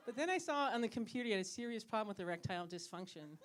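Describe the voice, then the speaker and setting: A woman's voice: mid-range voice, expressive, very fast, few pauses. A woman performing a stand-up comedy set as a pharmacist on a club stage, teasing the audience with questions. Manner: teasing, asks the crowd questions.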